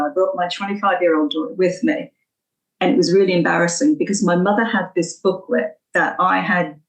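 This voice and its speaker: Middle-aged woman, faint American accent, echoey. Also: on the low side. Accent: faint American, mixed with British after forty years in England. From United States, New York. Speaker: podcast guest, short story writer. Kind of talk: interview answers, storytelling. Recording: echoey and distant.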